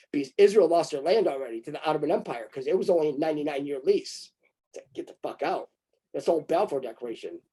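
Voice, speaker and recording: A man whose voice sits high, mellow with a breathy edge, chats crudely and loosely with his partner in conversation. He keeps drifting into mocking asides delivered in put-on voices.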